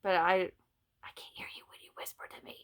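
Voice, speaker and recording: A middle-aged woman with a Southern Illinois accent whispers quickly in a fairly bright tone. She's a vlog host and crocheter, chatting casually about her crochet projects, telling stories and laughing often.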